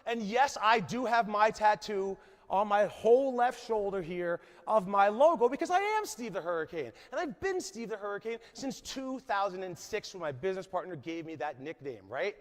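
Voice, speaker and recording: A man's voice: very high-pitched, in a large hall. A man in his forties from New Jersey giving an emphatic motivational talk at a conference, often checking in with the crowd. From New Jersey, USA. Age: 40s. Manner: emphatic, keeps asking the crowd "right?". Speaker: conference speaker. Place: large conference hall.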